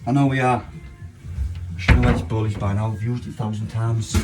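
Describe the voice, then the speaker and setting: A man's voice: on the low side, steady tone, a little fast, over loud music. A man with a Yorkshire accent chatting and joking casually while baking in his home kitchen, swearing freely. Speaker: baking vlog host.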